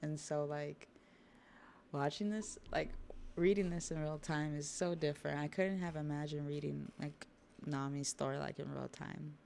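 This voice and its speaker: A woman with a low, gravelly voice chats casually while reading a comic on stream. She swears freely and gets emotional about the story. A faint hum of room noise sits behind her. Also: steady tone, normal speed, dark tone. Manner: emotional, swearing, reads panels aloud in voices. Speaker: streamer reading manga live. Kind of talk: casual reaction chat.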